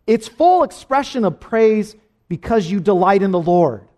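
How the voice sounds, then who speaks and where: A male pastor preaching with a high, lively voice that swoops up and down. He presses his points hard, falling quiet for asides, then climbing to loud, ringing exclamations. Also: a little slow. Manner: emphatic preaching, swinging between soft asides and loud exclamations. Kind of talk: sermon.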